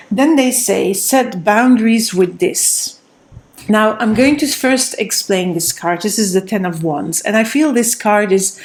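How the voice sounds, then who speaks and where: A woman's voice: mid-range voice, darkish tone. A woman giving a tarot card reading, offering earnest, repetitive advice straight to her viewers. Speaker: tarot reader.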